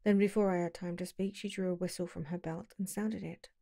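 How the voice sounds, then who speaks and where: A woman narrating an audiobook in a calm, measured storytelling voice on a close mic. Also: on the low side, creaky, no room sound.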